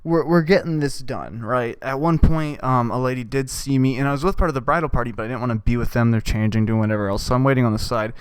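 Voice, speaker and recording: A man's voice: mid-range voice, steady tone, fast, hardly any pauses, clear, resonant tone, no echo. A young man hosting a podcast, riffing profanely in a rambling comedic monologue and putting on voices for the people he quotes. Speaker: podcast host.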